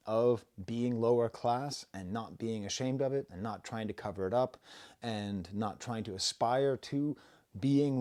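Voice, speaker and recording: With a warm, mellow voice at an ordinary pitch, a middle-aged man from the United States rambles through a casual music review video. He keeps undercutting himself with self-deprecating jokes.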